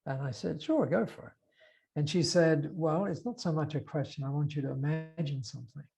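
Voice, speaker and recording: A man's voice: fairly high pitch, fairly even intonation, brisk, vocal fry, a little mellow. A man with an Australian accent, a podcast guest recounting an anecdote, with many fillers and acted-out dialogue. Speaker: interview guest. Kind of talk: storytelling in a podcast interview.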